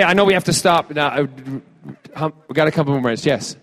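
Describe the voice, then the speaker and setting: A man from Scotland, a celebrity guest fielding audience questions at a fan panel, playful and joking with halting fillers and restarts. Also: a little high, fairly bright tone, some chatter behind. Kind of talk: casual audience Q&A.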